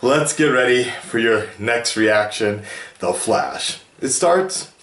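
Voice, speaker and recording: A man hosting a reaction video, excitable and quick to laugh and exclaim. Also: medium pitch, reverberant. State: out of breath. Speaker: show reaction host.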